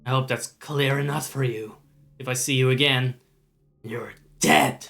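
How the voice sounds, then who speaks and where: Raspy enraged game guardian, yelling, bright edge. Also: male voice, mid-range voice, fairly even intonation, measured pace. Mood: threatening. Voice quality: raspy, strained shouting. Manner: yelling threats, hurling insults. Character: furious raspy male zone guardian, territorial and shouting. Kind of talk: reading game dialogue aloud.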